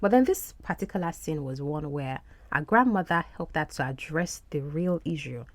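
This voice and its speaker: A woman teaching English over film clips, her pitch leaping up and down as she explains and repeats words for practice. The recording is dry and close, with no room sound. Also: expressive, normal speed, no room sound. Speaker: podcast host and English teacher.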